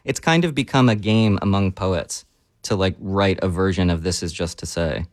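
Lively low-voiced man reading poems. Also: normal speed, dry recording, clean studio sound. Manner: animated, reads poems aloud with feeling. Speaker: poet and guest. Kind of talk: casual chat with poem readings.

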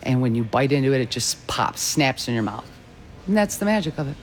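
A man's voice: medium pitch, expressive, a little fast, slight background noise. A man who owns a restaurant, interviewed and speaking proudly and emphatically. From Detroit. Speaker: restaurant owner.

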